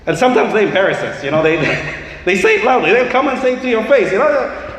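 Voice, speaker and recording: A man giving an impassioned sermon as imam, building up to shouts at times. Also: high voice, expressive, a little fast, background noise. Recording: echoey hall, faint ambience.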